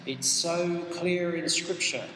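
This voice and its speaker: Emphatic preacher in an echoey hall. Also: male voice, a little high, steady tone, takes it slowly, sharp tone. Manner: earnest, emphatic, reads scripture aloud. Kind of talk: sermon. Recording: echoey hall with faint noise.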